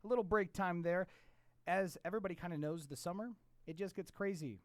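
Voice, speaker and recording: A man co-hosting a casual podcast, loud, joking and profane as he opens the show. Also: high-pitched, brisk, no echo. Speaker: podcast co-host. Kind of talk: casual chat.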